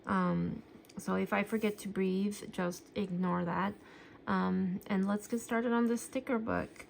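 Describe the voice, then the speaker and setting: A woman's voice: medium pitch, steady tone, measured pace, creaky, slight background noise. A woman chatting casually through a sticker book flip-through, a little out of breath, with a chatty manner and lots of "um" fillers. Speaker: planner vlogger.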